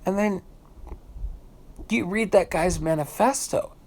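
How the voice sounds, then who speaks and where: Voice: mid-range voice, slow, a little mellow. A vlogger from the United States giving an emotional, unscripted rant, indignant and swearing freely, often repeating phrases while searching for words.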